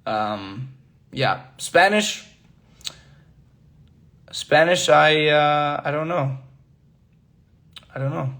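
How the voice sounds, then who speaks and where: A man's voice: fairly high pitch, extremely slow, long pauses, bright, forceful tone. A young man in casual livestream chat, reading fan comments aloud, laughing often and hopping between languages as he answers. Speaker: actor answering fans.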